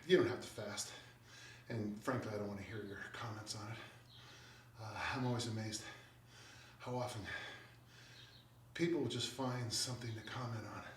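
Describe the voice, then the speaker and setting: An older strength coach in casual vlog talk, blunt and wry, rambling through asides between lifts. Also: male voice, fairly low pitch, fairly even intonation, moderate pace, pauses often, slight background noise. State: out of breath. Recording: echoey room, mic at a distance.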